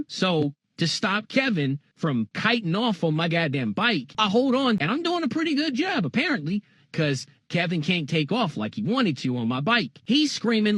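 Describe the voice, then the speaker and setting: Animated, high-voiced slangy storyteller man. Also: normal speed, dry recording. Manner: slangy, profane, joking asides. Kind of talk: casual comedic storytelling.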